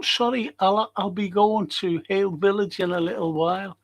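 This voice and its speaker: A man's voice: high-pitched, normal speed, few pauses, rough recording. A man hosting a casual live stream, chatty and rambling as he reads out viewer comments.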